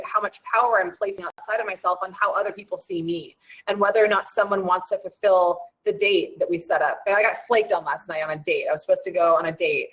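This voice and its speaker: A woman wellness coach hosting an online challenge, talking in a chatty, rambling and animated way with many fillers. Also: mid-range voice, rough recording. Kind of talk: casual chat.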